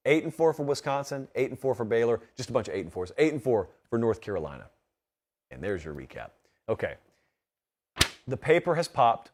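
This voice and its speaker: A man hosting a solo sports talk show in a studio, emphatic and full of rhetorical questions. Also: mid-range voice. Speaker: host.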